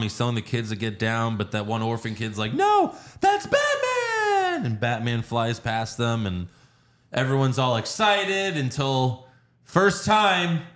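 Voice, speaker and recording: A man casually retelling a film scene by scene, animated and profane, dropping into quick impressions of the characters. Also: medium pitch. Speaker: podcast host recapping a film. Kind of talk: casual chat.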